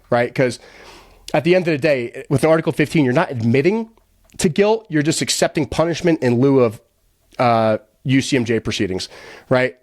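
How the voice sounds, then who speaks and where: A young man telling his own story as a podcast guest, blunt and profane, with quick acted-out quotes. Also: mid-range voice, animated, a little mellow, no room sound, studio quality. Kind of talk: candid storytelling.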